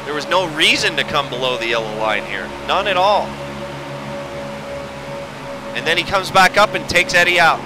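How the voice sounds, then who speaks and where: Excitable male sim racing commentator, high voice, crude jokes. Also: moderate pace, long pauses, music in the background, poor audio. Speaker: race commentator.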